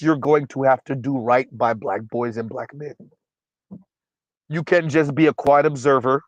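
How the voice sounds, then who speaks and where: A man's voice: mid-range voice, no echo, rough recording. A man hosting a livestream, speaking bluntly and emphatically, repeating his points, and stumbling over fillers while he recalls names. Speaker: livestream host. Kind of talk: casual livestream commentary.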